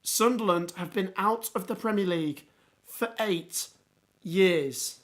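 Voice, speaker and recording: A man hosting a live football watchalong, hoarse with his voice going, reacting in excited exclamations. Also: high-pitched, takes it slowly. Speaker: livestream watchalong host.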